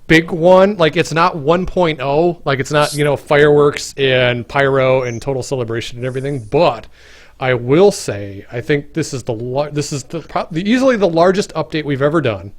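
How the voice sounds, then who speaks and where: A man's voice: a little high, moderate pace. A man hosting a game development livestream in casual chat, rambling with many fillers and restarts.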